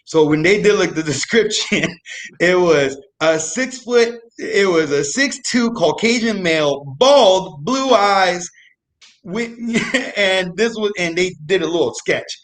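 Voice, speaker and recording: A man's voice: high voice, takes it slowly. A young man telling a true story on a live show, casual and laughing through it. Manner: laughs through his story, animated asides. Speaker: guest storyteller.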